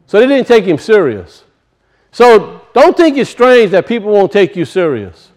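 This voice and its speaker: Cajun male preacher, high voice, folksy and emphatic, quizzes his flock. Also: big pitch swings, normal speed, a little mellow. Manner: emphatic, questions the congregation, folksy dialect grammar. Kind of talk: sermon.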